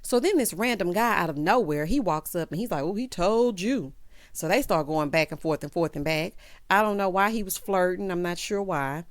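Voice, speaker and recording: A woman hosting a casual TV episode recap, sassy and animated, calling listeners child and honey. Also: on the low side, no echo. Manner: acts out characters' lines in quick quotes. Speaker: TV recap host.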